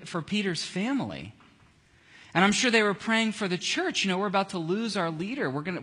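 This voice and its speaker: A man leading a casual Bible study, animated and jokey, acting out scenes as he reads. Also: sits high, breathy edge.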